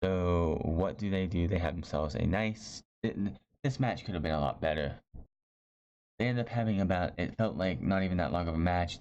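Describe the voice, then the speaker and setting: The slightly dull lo-fi recording, touched by faint hiss, captures a man with a low, somewhat mellow voice. He rambles through a blunt, opinionated, casual wrestling show recap, often correcting himself mid-sentence.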